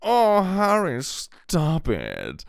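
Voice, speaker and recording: A man voicing a shrill, whiny parody wizard-school kid, stretching each line out in a southern Swedish accent. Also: wildly swooping pitch, vocal fry, no room sound, studio quality, exaggerated voice. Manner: squealing, drawn-out overacted lines.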